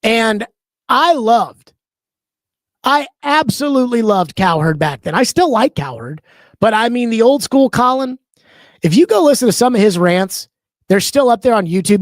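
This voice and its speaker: A man's voice: sits high, lively intonation, moderate pace, dry recording. A man hosting a sports talk show, giving opinionated commentary in an emphatic, conversational way and stretching out key words.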